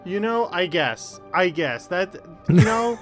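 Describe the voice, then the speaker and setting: A man with a mid-pitched, lively voice reacts to a story on a casual podcast. He asks eager questions, swears freely and jokes, with faint music in the background. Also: slow pace. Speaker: podcast co-host. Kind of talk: casual chat.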